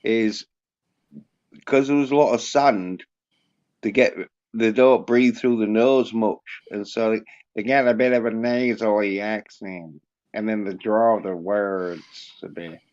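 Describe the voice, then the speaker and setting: Man, livestream guest, rambling halting talk, muffled lo-fi sound. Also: fairly low pitch, steady tone, a little mellow. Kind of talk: casual livestream chat. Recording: muffled lo-fi line.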